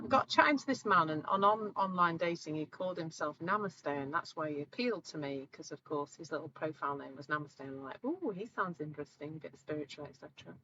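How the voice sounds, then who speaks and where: Brief: woman in her forties, chatty live-talk host, bright tone, slightly dull audio with faint noise. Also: on the low side. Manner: chatty, animated storytelling, acts out voices. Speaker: coach hosting a live talk. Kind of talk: live online talk answering viewers.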